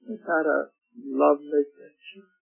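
Slow, gravelly older preacher. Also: male voice, on the high side. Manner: slow, gentle, emphatic preaching with rhetorical questions. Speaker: radio preacher. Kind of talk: sermon. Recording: tinny phone-like radio broadcast with faint music.

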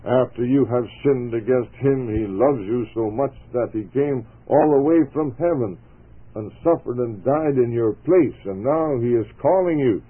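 A slight, selfless young soldier lad, voiced by a man reading the story. He talks gently and earnestly at a mid pitch. The sound is narrow and phone-like, from an old radio broadcast. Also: unhurried, natural voice. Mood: tender.

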